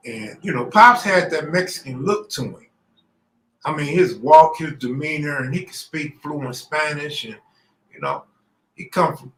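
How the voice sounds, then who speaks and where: A man's voice: medium pitch, sharp tone. Slangy man telling a true story. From Los Angeles. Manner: slangy, acts out the people he quotes. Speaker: storyteller host. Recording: roomy echo.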